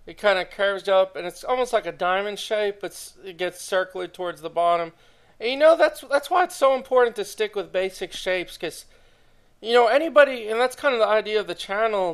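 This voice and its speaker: A man's voice: high-pitched, a bit bright, smooth. A young man casually narrating a drawing tutorial, chatty and enthusiastic, talking straight to his viewers.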